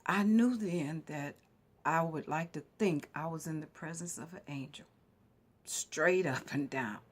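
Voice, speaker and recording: A woman's voice: deep voice, measured pace. A woman vlogger earnestly telling personal stories to her viewers in a conversational, emphatic way.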